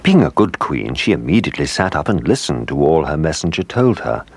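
A man narrating a children's storybook in a gentle, expressive way. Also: extremely low pitch, a little fast, breathy edge.

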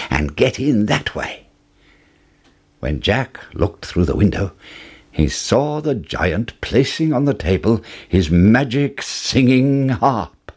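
A man reading a children's story aloud, expressive and rising with the action. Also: sits low, husky. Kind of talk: storybook read-aloud narration.

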